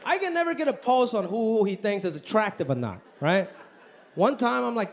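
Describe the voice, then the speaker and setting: A male stand-up comedian performing live on stage, with a punchy, animated delivery full of voice impressions. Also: high-pitched, brisk. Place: stage in front of a live audience. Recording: noisy live stand-up recording.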